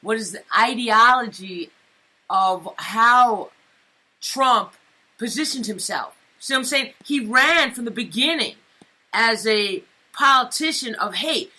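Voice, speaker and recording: A woman's voice: fairly high pitch, lively intonation, takes it slowly, pushed and bright. A woman co-hosting talk radio, chatting in a streetwise, crude, bantering way. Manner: streetwise, chatty, keeps asking "you know what I'm saying". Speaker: radio co-host.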